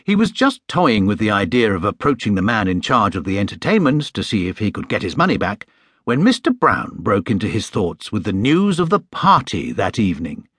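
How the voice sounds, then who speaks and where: A man narrating a children's storybook with an expressive, gently humorous delivery. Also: lowish voice, brisk, breathy edge, no room sound, studio quality. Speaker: audiobook narrator. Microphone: studio microphone.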